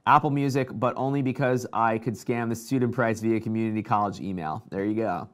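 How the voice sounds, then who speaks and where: A man hosting a casual live tech show, talking excitedly and reading out viewer comments. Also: lowish voice, fairly quick.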